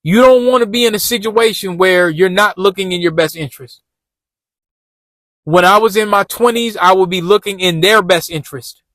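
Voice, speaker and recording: A man's voice: high-pitched, moderate pace, fairly bright tone, no echo. A man vlogging from his car, giving job-interview tips in loose, repetitive slang and talking to his viewers as y'all. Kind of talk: casual talk while driving.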